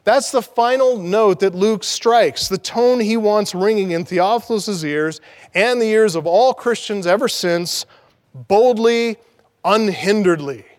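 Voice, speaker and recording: A man's voice: high voice, measured pace, in a large hall. A man preaching a sermon, emphatic, repeating key words to drive them home. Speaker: pastor.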